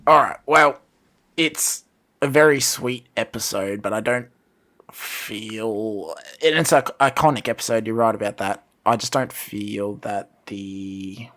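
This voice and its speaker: A man co-hosts a podcast in relaxed conversation. His voice sits a little low, and he pauses and restarts often as he looks for the right words. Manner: hesitant, searching for words. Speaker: podcast co-host. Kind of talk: casual chat.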